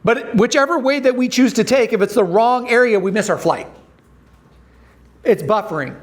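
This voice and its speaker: High-voiced man giving a lively talk. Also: normal speed. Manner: storytelling, asks the audience questions, acts out voices. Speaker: speaker training dental or medical teams. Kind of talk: conference talk to an audience.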